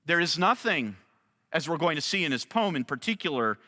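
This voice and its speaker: A man teaching an expository Bible study in a deliberate, emphatic way, repeating key phrases. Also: fairly high pitch, big pitch swings, bright, forceful tone. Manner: slow, deliberate, emphatic restatements. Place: large church auditorium. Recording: long church hall reverb.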